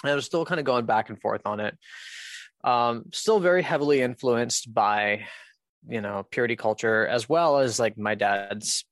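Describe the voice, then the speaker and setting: A man as a podcast guest, telling a personal story in a candid, casual way, laughing often and filling pauses with "um". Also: mid-range voice, fairly bright tone, no echo.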